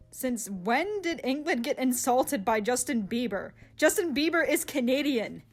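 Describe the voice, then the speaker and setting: A young woman giving excitable, sarcastic comedic commentary on a fan-favorite comic series. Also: high voice. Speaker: video creator. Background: faint background music.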